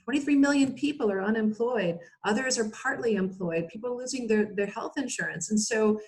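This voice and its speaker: A woman's voice: fairly high pitch, brisk. A woman speaking as a guest expert in a webinar over a video call, explaining in a conversational way with frequent fillers.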